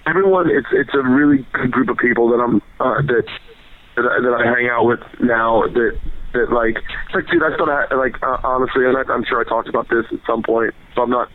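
A man telling stories in casual chat as a podcast guest, rambling, excitable and full of swearing. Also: medium pitch, fairly quick. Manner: profane, rambling, excitable storytelling. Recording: tinny phone-line sound.

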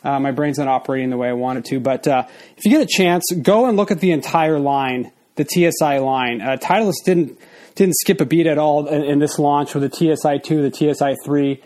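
A man's voice: on the high side, brisk, darkish tone. A man in his forties hosts a casual solo podcast in a slightly raised voice. He sounds a little out of breath and rambles loosely, restarting often with plenty of fillers. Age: 40s. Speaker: podcast host.

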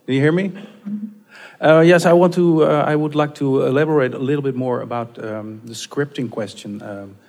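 A man in the audience works his way through a long question with great hesitation. His sentences are broken up by constant ums and uhs. His voice sits at an average pitch. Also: steady tone, normal speed, darkish tone. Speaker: audience member asking a question.

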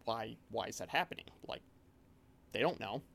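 A man's voice: fairly low pitch, moderate pace, vocal fry. A man chatting casually as a game master, telling a spooky session with many restarts. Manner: rambling, animated storytelling with many restarts. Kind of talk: casual chat.

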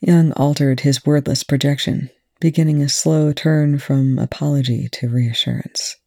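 A reader narrating a fan fiction chapter aloud in an even, unhurried way. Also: mid-range voice, no room sound, clean studio sound. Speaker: audiobook reader.

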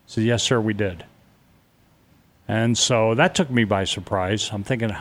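A man's voice: medium pitch, moderate pace, long pauses, a bit bright. Middle-aged man telling a personal story. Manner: vivid, conversational, acts out the voices of people he quotes. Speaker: interview guest recounting a personal experience. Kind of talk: casual first-person storytelling.

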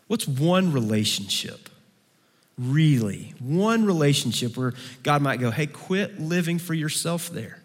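A man preaching a sermon to a campus gathering, swinging between fervent raised passages and hushed, pleading ones. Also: on the high side, lively intonation, a little slow. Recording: long hall reverb.

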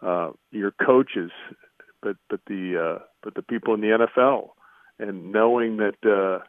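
A man calling in to a sports radio show, speaking thoughtfully with halting fillers over the phone. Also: fairly low pitch, dry recording. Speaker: sports writer guest. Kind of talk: radio call-in interview. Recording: tinny phone line.

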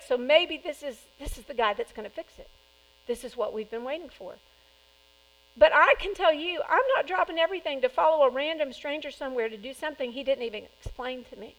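A woman preaching a sermon in a lively, conversational way, acting out quoted lines. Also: high voice, poor audio.

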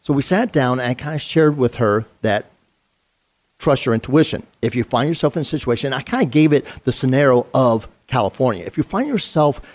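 A man's voice: mid-range voice, lively intonation, fairly quick. A middle-aged man, a retired police sergeant, telling a story in an interview in an earnest, conversational way with fillers and restarts.

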